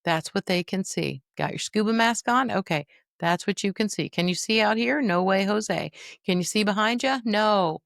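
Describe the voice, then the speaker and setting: A middle-aged woman talks straight to her listeners on a podcast, coaching them on dementia care in a folksy, lively way. Her voice sits at an ordinary pitch and comes across dry and close, with no room sound. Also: normal speed, vocal fry, dry recording. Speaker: dementia caregiver and trainer. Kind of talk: podcast teaching monologue.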